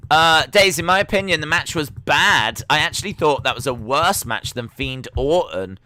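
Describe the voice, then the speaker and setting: Man, young adult, chatty sarcastic live commentary, bright tense voice, dry close sound. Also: fairly high pitch, animated, moderate pace, no echo. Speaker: live stream watch-along host.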